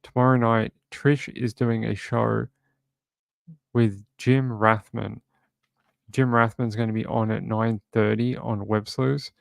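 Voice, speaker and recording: A man's voice: on the low side, creaky, no echo. A man hosting a true crime livestream from home, chatting casually and reading viewer comments aloud.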